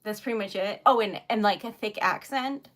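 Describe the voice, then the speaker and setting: A woman's voice: mid-range voice, normal speed, fairly bright tone. Giggly chatty young woman, jet lagged. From New England. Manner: chatty, giggly, rambling storyteller. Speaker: livestream host making wax stickers. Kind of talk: casual livestream chat.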